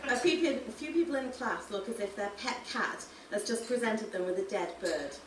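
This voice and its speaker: A woman reading a first-person novel aloud, with a wry, lively delivery. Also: medium pitch, a little fast, a little hiss or hum. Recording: roomy room, distant mic.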